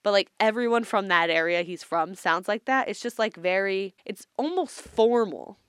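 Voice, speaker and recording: A woman's voice: mid-range voice, moderate pace, clean tone, no room sound, clean studio sound. A woman telling a story in a rambling, casual podcast chat, laughing often. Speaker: podcast co-host.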